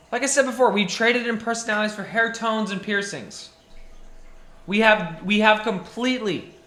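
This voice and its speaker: Young man, jeweller, impassioned rant, repeats himself, bright forceful voice, echoey room. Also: high voice. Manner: passionate, ranting, repetitive restarts, emphatic repetition. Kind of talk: impassioned monologue to camera.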